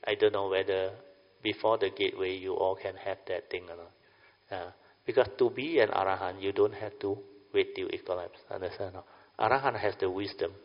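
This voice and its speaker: A man's voice: low voice, fairly even intonation, fairly quick. An older man giving a Buddhist dharma talk to a class, chatty, often asking "understand or not?". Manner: chatty, keeps checking the audience with "huh?" and "understand or not?". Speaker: Buddhist meditation teacher. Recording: lo-fi recording in a reverberant hall.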